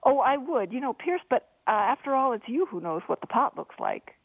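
A woman voicing a cheeky young male ship's crewman with wheedling, quick-witted banter. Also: on the high side, very animated, breathy edge, dry recording, voice pushed up, exaggerated voice. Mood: teasing. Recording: dry, phone-like narrow sound.

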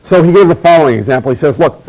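A middle-aged man giving a recorded university lecture, measured and emphatic, slowing to repeat key phrases. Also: a little high, expressive, darkish tone, rough recording.

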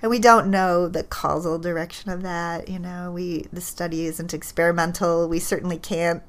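Low-voiced woman, child psychologist type, measured explainer with fillers. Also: steady tone. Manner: thoughtful, measured, with fillers and restarts. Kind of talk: explaining research in an interview.

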